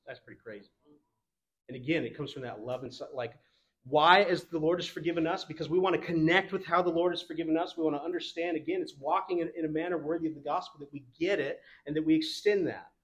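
Young male pastor, relaxed chatty sermon delivery, slightly high voice. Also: fast talker, dull audio. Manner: casual, conversational preaching with fillers and laughs. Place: church.

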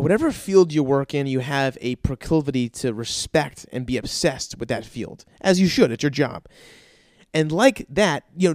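A man's voice: a little high, dark tone, no room sound, studio quality. A man in his thirties doing a profane, rambling comedic rant and jumping into other people's voices. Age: 30s. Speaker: stand-up comedian.

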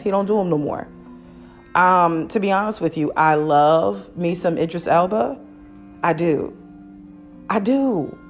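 Deep-voiced woman podcaster, rambling opinions, soft music in back. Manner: chatty, opinionated, many restarts and asides. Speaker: podcast host. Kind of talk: casual review chat.

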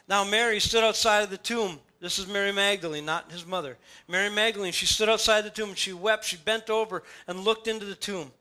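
A man preaching a sermon in a church, reading scripture aloud and explaining it in an animated, storytelling way. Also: high voice. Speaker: pastor. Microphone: church sound system.

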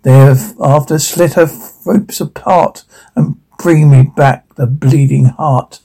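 A man's voice: a little high, steady tone, slow pace, vocal fry, mellow, full character voice. A man voicing a raging wicked queen. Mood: furious. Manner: ranting, vicious. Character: furious wicked queen, shrieking threats.

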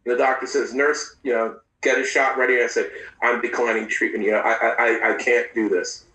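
A man recounting his own past in an interview, speaking candidly and haltingly, with frequent profanity and restarts. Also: mid-range voice, flat delivery, bright, forceful tone. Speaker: interview guest. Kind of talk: personal storytelling in a podcast interview. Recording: roomy, distant mic.

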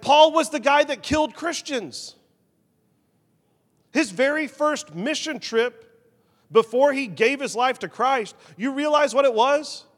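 A man preaching a sermon as pastor, animated, swinging between loud emphasis and quiet, confessional asides. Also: very high-pitched, in a large hall.

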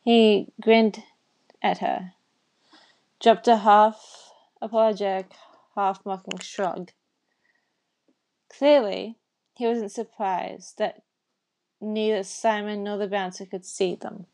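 A woman's voice: medium pitch, steady tone, takes it slowly, long pauses, darkish tone. A woman reading a novel chapter aloud in a casual way, sometimes stumbling and correcting herself. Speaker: reader.

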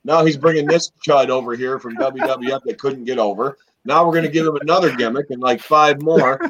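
A man's voice: mid-range voice, a little fast, muffled recording, a crowd in the background. A man in his forties co-hosting a casual wrestling podcast, talking animatedly, swearing freely and acting out quotes. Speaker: podcast co-host. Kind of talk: casual chat.

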